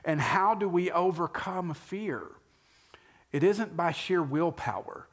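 A man with a slightly raised pitch, speaking as a pastor in an earnest, preacherly conversation. He slows down to press home key phrases. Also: lively intonation. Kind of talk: conversational sermon-style talk.

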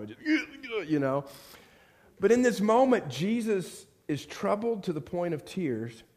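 In his sermon, a pastor whose voice is fairly high in pitch recounts a story. He alternates between quiet, hushed passages and loud bursts of fervor.

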